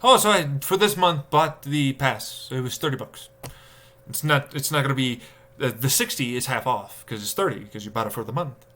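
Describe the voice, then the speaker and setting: Young male streamer, bright tense voice, profane ranting chat, mid pitch. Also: moderate pace. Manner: animated, profane, ranting, acting out exasperated inner voices. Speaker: livestreamer. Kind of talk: casual rant to stream chat.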